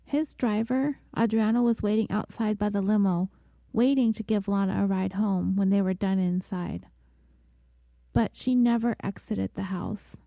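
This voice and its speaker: A woman podcast host reading a scripted true-crime story in a measured, deliberate way. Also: medium pitch, steady tone, creaky, warm tone, no room sound.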